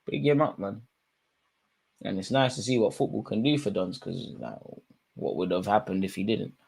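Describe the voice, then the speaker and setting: A man giving live, slangy watch-along commentary on a football match, jumping from low asides to loud outbursts. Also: normal speed, gravelly, slightly rough. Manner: excitable, slangy, swings from mutters to shouts.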